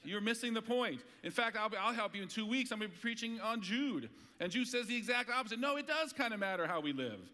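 A man's voice: sits high, animated, fast, few pauses, bright, forceful tone, long reverb tail. A man preaching a sermon as pastor, talking conversationally with rhetorical questions and light humor. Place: church hall.

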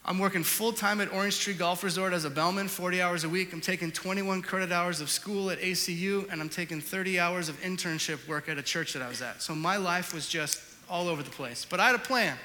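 A male pastor preaching a sermon, telling a personal story with animated swings between loud outbursts and hushed reflection. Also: sits high, fairly quick, few pauses, long reverb tail, slight background noise.

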